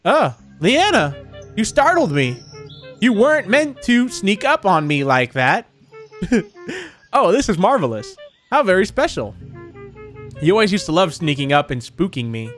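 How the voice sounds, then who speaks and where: Man reading creepy doting mother from a horror game, high voice, faint music under. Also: very animated, a little slow, a bit bright, full character voice. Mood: sweetly unsettling. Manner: reads game dialogue aloud in plain voice. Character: eerie doting mannequin mother, female, middle-aged.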